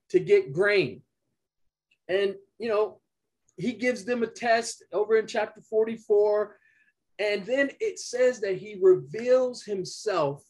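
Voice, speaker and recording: High-voiced man preaching slowly. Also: darkish tone, low-quality recording. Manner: earnest, unhurried storytelling with many restarts. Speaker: pastor. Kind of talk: sermon.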